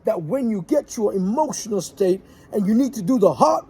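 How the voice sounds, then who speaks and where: A man's voice: high voice, expressive, normal speed, few pauses, dark tone, husky. A man delivering a preachy, repetitive, rallying motivational message as the host of his show. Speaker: motivational speaker.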